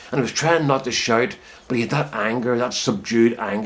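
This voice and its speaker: A man's voice: fairly low pitch, steady tone, a little fast. Rambling middle-aged man in a greenhouse. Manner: rambling, reflective, chatty. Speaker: home potato grower vlogger. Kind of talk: casual talk to camera. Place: inside a greenhouse.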